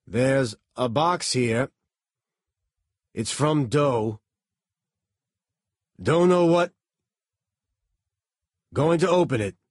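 A man's voice: mid-range voice, sing-song, very slow, darkish tone, husky, no room sound, studio quality, pitched above the performer's own voice, full character voice. Man doing a barking veteran detective. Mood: commanding. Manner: barking, commanding. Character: hardened older male detective giving orders.

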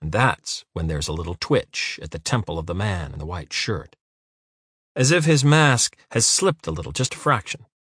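A man narrating an audiobook in a measured, even storytelling voice. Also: low voice, husky, no echo, clean studio sound. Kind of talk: scripted narration.

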